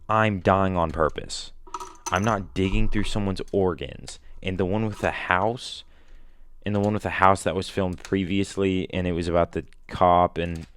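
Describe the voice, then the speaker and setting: A man's voice: deep voice, normal speed, slight background noise. A young man rambling casually to a listener in a slangy way, bursting out now and then. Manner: slangy, rambling, animated outbursts. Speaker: vlogger.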